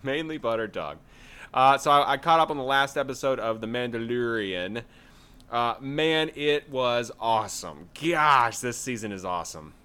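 A man co-hosting a casual podcast, chatty and quick to laugh. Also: mid-range voice, clean tone. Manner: animated, laughs often. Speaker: podcast co-host. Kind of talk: casual chat.

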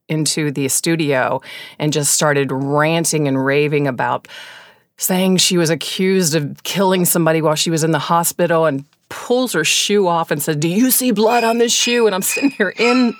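A woman co-hosts a podcast and tells her stories quickly and plainly. Her voice sits low for a woman. The recording is dry and close. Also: dry recording. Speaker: podcast co-host and former radio host. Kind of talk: casual podcast storytelling.

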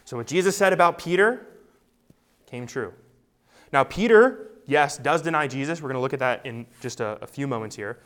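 A man's voice: mid-range voice, animated, moderate pace, a bit bright. A man preaching an expository sermon, emphatic and full of rhetorical questions. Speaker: pastor.

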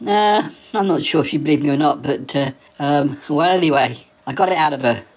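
A man's voice: fairly high pitch, brisk. A man acting in a comic sketch, nervous and hesitant, with many uhs and ums.

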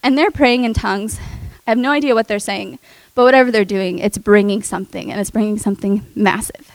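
A young adult woman telling a personal testimony in an earnest, emotional way, with many fillers and soft laughs. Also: mid-range voice, steady tone, a little fast, no echo, low-quality recording. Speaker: speaker sharing a testimony.

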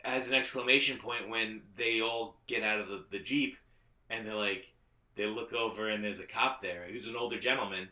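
A man co-hosting a podcast in casual movie chat. He rambles with lots of fillers and slips into quick mock voices. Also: on the low side, steady tone, bright, forceful tone, roomy sound. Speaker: podcast co-host.

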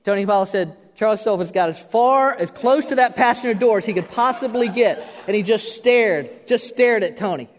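A man preaching a sermon, telling a story with lively emphasis and repeated words, then dropping soft and low to drive a point home. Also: fairly quick, few pauses. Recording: reverberant hall.

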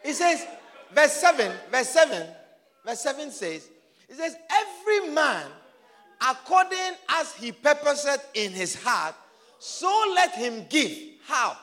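Man preaching, very high voice, bright and forceful, shouting and repeating himself, long hall reverb. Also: sing-song, a little slow. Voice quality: emphatic, often shouting and repeating phrases. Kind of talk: sermon.

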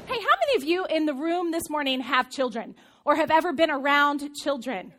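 A woman in her thirties, a pastor giving a sermon in a church, telling stories in a lively, conversational way. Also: sits high, brisk. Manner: storytelling, animated, conversational. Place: church auditorium.

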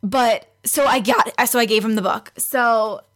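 Chatty young woman, slightly high voice. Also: unhurried, a bit bright. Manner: chatty, acts out quoted voices, laughs often. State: pregnant. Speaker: guest. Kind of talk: casual storytelling.

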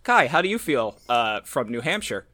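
A man from New Jersey co-hosts a comedy podcast in a teasing, amused tone. His voice is lively and moves a lot in pitch, though it stays at a middle level overall. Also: normal speed, a loud crowd. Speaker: podcast co-host. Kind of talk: casual comedic chat.

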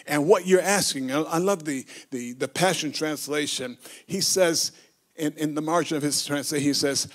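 A man's voice: a little high, moderate pace. A man preaching a sermon as bishop. He tells the scripture as a story, acting it out and leading the congregation in call and response.

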